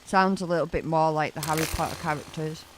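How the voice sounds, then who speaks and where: A woman's voice: deep voice, steady tone, fast, background noise. A woman from southern England with an English accent, chatting casually while playing a game. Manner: chatty and easygoing. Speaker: gaming channel host. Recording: loud game music underneath.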